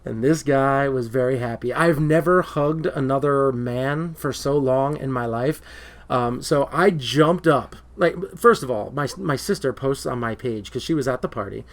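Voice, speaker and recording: Male co-host, casual movie banter, rambling and excitable, mid-range voice. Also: medium pitch, normal speed. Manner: rambling, excitable when retelling stories. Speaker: podcast co-host.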